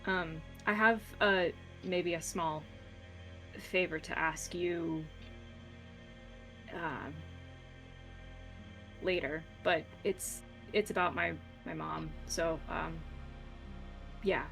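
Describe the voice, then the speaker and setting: Awkward young heroine played by a woman, soft and halting, bright tone. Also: fairly low pitch, faint music behind. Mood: hesitant. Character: young adult female adventurer, awkward and caring.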